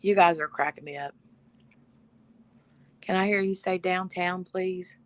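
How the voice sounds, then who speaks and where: A woman's voice: on the low side, unhurried, no room sound. A woman hosting a casual live stream from her bedroom, chatting and reading viewer comments aloud. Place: bedroom at home.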